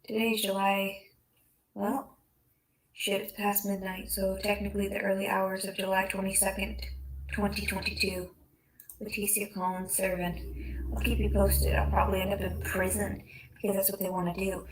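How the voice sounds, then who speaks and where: A woman's voice: mid-range voice, little pitch movement, moderate pace, a little hiss or hum, rough recording. Rambling, profane woman at home. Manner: rambling and profane, swings from loud rants to soft mutters. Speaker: vlogger. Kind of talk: late-night rambling video diary. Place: at home at night.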